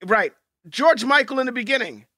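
A man's voice: very high-pitched, animated, moderate pace, pushed and bright, no echo. A man co-hosting a podcast in casual chat, laughing often and retelling scenes with animation. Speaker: podcast co-host.

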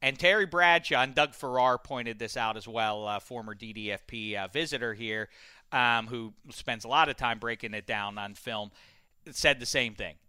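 A man's voice: mid-range voice, moderate pace, smooth, no room sound, studio quality. A man hosting a sports radio show, chatting casually and jokingly with many restarts. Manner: animated, jokey, many restarts.

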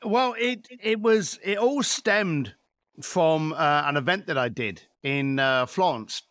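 A man's voice: fairly high pitch, expressive, takes it slowly, a bit bright, no room sound, clean studio sound. A man, an author and interview guest, giving motivational advice in punchy, emphatic phrases. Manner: emphatic, punchy, stretches key words.

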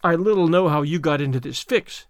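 A man's voice: a little high, a little fast, no echo, clean studio sound, lightly acted. A man voicing a severe, sarcastic older woman guardian in a storybook, scolding sharply. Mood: stern.

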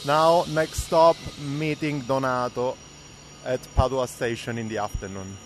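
A man in a casual travel vlog rambles to himself in an everyday middle-pitched voice. His words wander and circle back as he talks things over aloud. Heavy train noise runs under everything. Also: moderate pace. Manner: rambling, self-talk. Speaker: cycling vlogger. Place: train and station. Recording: noisy train ambience.

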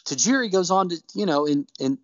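Male podcast co-host, animated storyteller, slightly high and very expressive, dry lo-fi mic. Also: brisk, no room sound. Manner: animated storyteller, acts out quotes in put-on voices. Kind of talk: casual recap chat.

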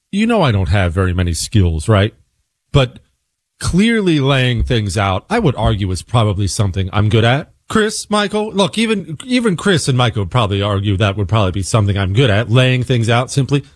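A man hosting a talk radio show, telling a story in a casual, self-deprecating way while a little sick and quieter than usual. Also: fairly low pitch, very animated, a little fast, dry recording, studio quality.

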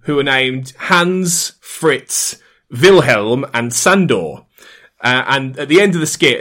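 A man's voice: mid-range voice, a bit bright. Male podcast guest, medium voice, enthusiastic trivia talker, restarts a lot. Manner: enthusiastic, stumbling restarts when explaining. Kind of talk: casual chat, sharing trivia.

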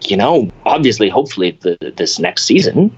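A young man from Memphis chats as a podcast guest, animated and self-deprecating. His pitch swings widely as he talks, and the recording sounds a bit dull and lo-fi. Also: brisk, husky. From Memphis, Tennessee. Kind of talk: casual interview.

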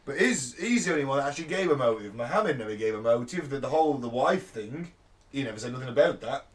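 A man's voice: mid-range voice, lively intonation, fast talker, distant mic. A man co-hosting a podcast in casual chat, teasing the others and laughing. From England. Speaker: podcast co-host.

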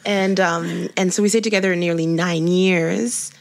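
A woman's voice: lowish voice, fairly even intonation, unhurried, gravelly, noisy background. A woman guest on a podcast, chatting casually and telling a long story with many restarts and stammers. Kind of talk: casual chat.

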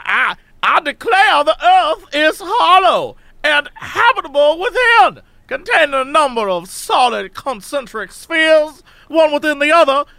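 A man's voice: very high-pitched, bright, forceful tone, dry recording, full character voice. A man putting on a pompous old-timey orator. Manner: pompous, proclaiming. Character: old-timey 1800s man making grand declaration. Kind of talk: podcast read-aloud in a put-on voice.

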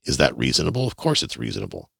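Very deep gravelly man teaching. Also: rapid-fire, dry recording, studio quality. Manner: folksy, animated, acts out dialogue. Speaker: real estate investing teacher. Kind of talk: instructional talk.

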